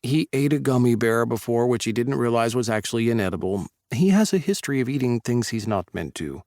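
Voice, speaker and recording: A man's voice: mid-range voice, lively intonation, a little fast, darkish tone, no room sound, clean studio sound, close to an everyday voice. A man voicing a harried, apologetic baker who sounds a bit worn out. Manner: apologetic, weary.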